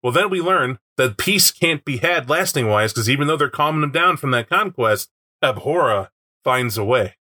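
Guy chatting about a game book, bright punchy voice, keeps doing little voices for the characters. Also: medium pitch, normal speed. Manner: animated, acts out quotes in put-on voices. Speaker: podcast co-host discussing a tabletop game book. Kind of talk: casual chat.

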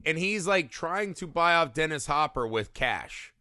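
A man co-hosts a movie podcast in a loose, rambling way, swearing often. His voice sits a little high and sounds bright and forceful. It is recorded close and dry. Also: expressive, unhurried, no room sound. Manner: rambling, profane, acts out silly voices in his stories. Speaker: podcast co-host. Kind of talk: casual movie-review chat.

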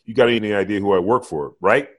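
A man's voice: fairly low pitch, fast talker, lightly acted. A man voicing a crude gangster thug who talks in swaggering, threatening tough-guy slang.

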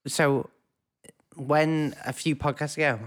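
A man's voice: fairly high pitch, flat delivery, slow pace. A man co-hosting a casual podcast, jokey, chatty and self-mocking. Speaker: podcast co-host.

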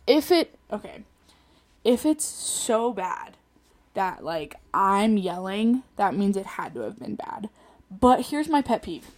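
A woman's voice: medium pitch, darkish tone. A young woman telling personal stories in a casual solo monologue, chatty and laughing often, venting animatedly. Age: young adult. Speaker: podcast host.

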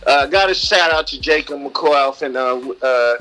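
A man's voice: medium pitch, moderate pace, sharp tone, soft background music, poor audio. An American man, a musician calling in as a guest, chatting casually and gratefully, often tagging sentences with "man". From United States. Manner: laid-back, thankful, peppers talk with "man". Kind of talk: casual phone-in chat.

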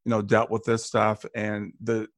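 A man's voice: fairly low pitch, completely flat delivery, normal speed, dry recording, studio quality. A man hosting an interview over a video call, thanking his guest with stammering restarts. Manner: warm, appreciative, stammering restarts. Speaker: host. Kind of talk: interview wrap-up.

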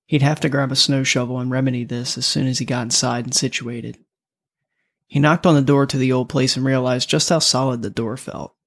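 A man's voice: medium pitch, fairly even intonation, fairly quick, fairly bright tone. A man narrating a story in a casual, profane audiobook manner.

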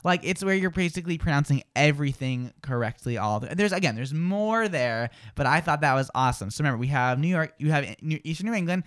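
A man's voice: fairly high pitch, animated, quick pace, few pauses, no echo, clean studio sound. A man hosting a show in casual, rambling banter. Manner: chatty, rambling, doing playful accent impressions. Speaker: radio show host.

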